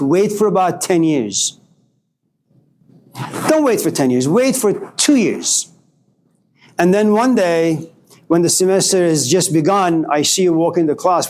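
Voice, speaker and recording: Male philosophy professor, animated storyteller in class, voice a bit high, light background noise. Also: moderate pace. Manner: animated storytelling, acting out dialogues with students. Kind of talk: classroom lecture.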